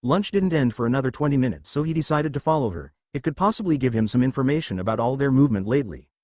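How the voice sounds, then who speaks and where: A man reading out a fan-fiction story as scripted narration, with a lively, animated delivery. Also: mid-range voice, quick pace, dry recording.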